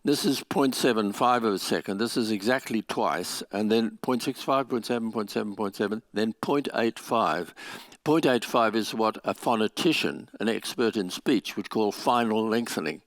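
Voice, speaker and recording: A man lectures at an academic conference, explaining carefully and sometimes restarting his sentences. His voice sits fairly low. The sound is dry, with no room echo. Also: normal speed. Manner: explanatory, with restarts and small laughs. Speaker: conference speaker. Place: lecture venue.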